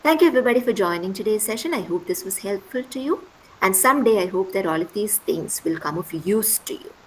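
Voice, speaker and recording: A woman's voice: mid-range voice, lively intonation, fairly quick, low-quality recording. A woman instructor leading an online workshop session over a video call, patiently repeating key points and checking in with "right?". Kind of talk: online class teaching.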